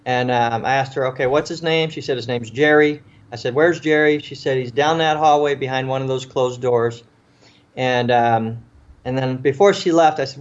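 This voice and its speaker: A man's voice: mid-range voice, moderate pace, dull audio. A man, a police officer and author, recounting a tense story in an interview, with frequent restarts and repeated words. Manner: vivid storyteller, acts out quoted voices.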